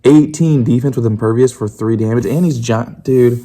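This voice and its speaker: A man chatting casually while unboxing game tokens, relaxed, laughing often, with plenty of fillers. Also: medium pitch, moderate pace. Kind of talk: casual chat.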